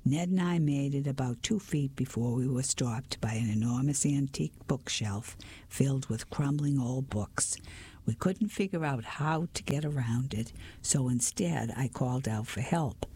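Hushed whispering storyteller. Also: medium pitch, unhurried, a little hiss or hum. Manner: soft, hushed and steady. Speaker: narrator. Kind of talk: whispered role-play story reading.

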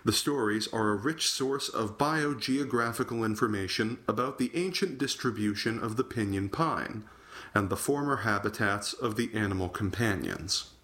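Man calmly reading magazine articles. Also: fairly low pitch, moderate pace. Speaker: volunteer magazine reader.

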